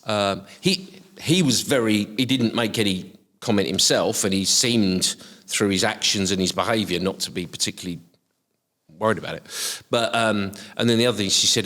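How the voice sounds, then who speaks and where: Low-voiced essex guy, softened estuary accent, lots of ums, reverby room. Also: normal speed. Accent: softened Essex estuary English. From Essex, England. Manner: hesitant, many ums and restarts. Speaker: guest, HR professional. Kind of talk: casual reflective interview talk.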